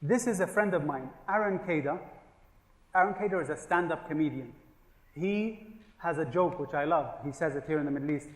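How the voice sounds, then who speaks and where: A man's voice: a little high, brisk. A man giving a humorous business keynote, telling stories and asking the audience questions. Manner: storytelling with jokes and rhetorical questions. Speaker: conference speaker. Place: large conference hall. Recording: echoey hall with long reverb.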